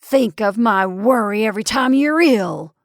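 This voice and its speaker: A woman doing a loud blustering husband. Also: on the high side, animated, moderate pace, no echo, clean studio sound. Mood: indignant. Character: indignant selfish middle-aged husband.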